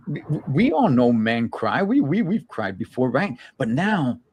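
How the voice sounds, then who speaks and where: A man hosting a casual talk show, animated and repeating himself when worked up. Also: on the high side, moderate pace, few pauses, slight background noise. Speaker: podcast host. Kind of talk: casual opinion chat.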